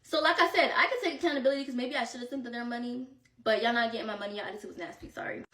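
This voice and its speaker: A young woman hosting a podcast, telling a story in an animated, casual way full of slang. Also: fairly high pitch, very fast, far from the mic. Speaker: podcast host. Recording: roomy echo, set back from mic.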